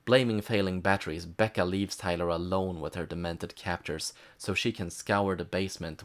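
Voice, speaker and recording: Dry-toned man narrating a film recap. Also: low voice. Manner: dry, sarcastic asides. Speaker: film reviewer.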